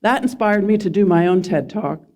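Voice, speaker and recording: A woman's voice: medium pitch, expressive, normal speed, darkish tone. A middle-aged woman from the Philadelphia suburbs giving a public speech to a live audience, joking at her own expense and asking the crowd questions. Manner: self-deprecating, quizzes the audience. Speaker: speaker at a community event.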